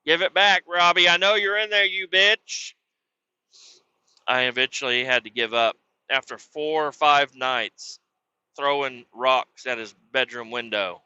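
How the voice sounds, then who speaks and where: A man's voice: medium pitch, pushed and bright, smooth, highs cut off. A man hosting a podcast, telling a rambling, crude comic story full of swearing. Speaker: podcast host. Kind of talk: profane comedic storytelling.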